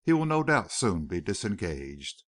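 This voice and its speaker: A polite ship's purser who speaks reassuringly, read by a man in an audiobook. His low voice moves lively through the phrases, with a close, dry sound. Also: a little slow, no echo.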